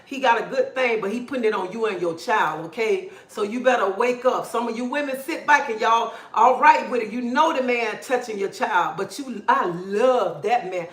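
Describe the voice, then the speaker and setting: Hosting her own livestream, this woman delivers a fiery, blunt, preachy rant from her phone. Her voice runs a little high at a normal pace with hardly any pauses, and the sound is roomy.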